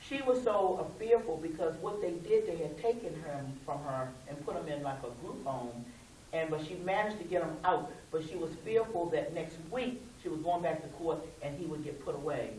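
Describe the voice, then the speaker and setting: A woman's voice: low voice, expressive, moderate pace, warm tone. A middle-aged woman, a local civil rights chapter president, telling stories in a conversational, folksy way at a community meeting and acting out quoted dialogue. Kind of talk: storytelling talk at a community meeting. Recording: echoey room, speaker far from the mic, faint hiss.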